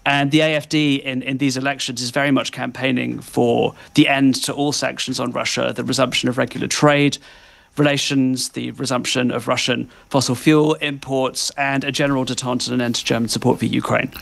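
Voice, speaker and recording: Gravelly-voiced male correspondent, dry sound. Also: mid-range voice, level tone, a bit bright, dry recording. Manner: articulate, analytical, with occasional "um" pauses. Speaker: foreign correspondent. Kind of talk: live radio interview.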